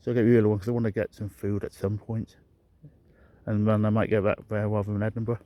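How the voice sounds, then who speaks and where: A man's voice: fairly low pitch, little pitch movement, fast, no room sound, highs cut off. Rambling man vlogging on a walk. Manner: rambling, self-correcting, chatty. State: out of breath from climbing. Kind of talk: rambling walking vlog. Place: outdoors, hilly park walk.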